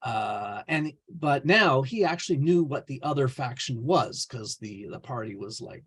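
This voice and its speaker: A man's voice: mid-range voice, expressive, a little slow, fairly bright tone, slightly rough. A man, the game master, casually recapping a tabletop game session with a hesitant, rambling delivery. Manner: rambling, hesitant, lots of fillers.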